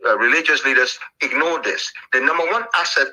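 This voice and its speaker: An older man with a Liberian accent, telling animated, jokey stories as an interview guest, with plenty of fillers. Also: medium pitch, brisk, low-quality recording. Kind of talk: storytelling interview.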